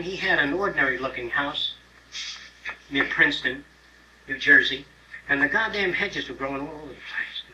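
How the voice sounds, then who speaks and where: A man in his sixties giving an informal lecture, blunt and profane, who acts out other people's voices. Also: a little high. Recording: roomy, distant mic, faint hiss on an old tape.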